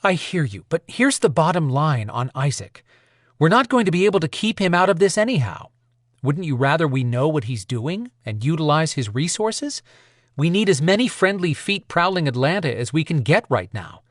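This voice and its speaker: A man's voice: fairly high pitch, sing-song, moderate pace, dry recording, clean studio sound, voice pushed up. A man voicing a blunt, impatient warrior woman. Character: determined woman supernatural warrior. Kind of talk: audiobook character voice.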